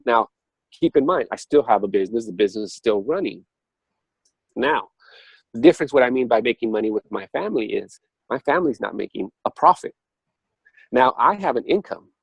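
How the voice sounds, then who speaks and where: A man's voice: brisk, gravelly, slightly rough, no room sound, rough recording. A man in casual spiritual talk, telling his story conversationally with many fillers and restarts, his voice jumping up sharply when he gets worked up. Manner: animated storytelling with sudden jumps up in pitch. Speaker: speaker on a spiritual talk show.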